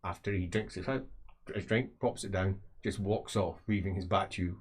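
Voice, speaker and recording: Husky, low-voiced GM who narrates and swaps character voices fast, stammering and swearing. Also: male voice, steady tone. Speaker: game master.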